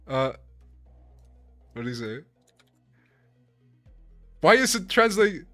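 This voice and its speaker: A man streams a game live and chats with his viewers, casual and profane, with frequent laughter and quick apologies to chat. His voice is bright and fairly high, and he talks at an unhurried pace. Faint music plays behind him. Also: very animated, dry recording.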